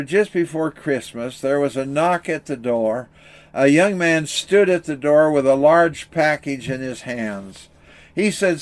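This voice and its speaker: A man preaching a sermon, telling an illustration story in an earnest, steady way. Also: on the high side. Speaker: pastor.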